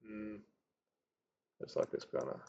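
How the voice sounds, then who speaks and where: A man's voice: measured pace, warm tone, a little hiss or hum. A young man streaming his live trading, thinking aloud with muttered, chatty asides, in a dull lo-fi recording. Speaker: day trader streaming live.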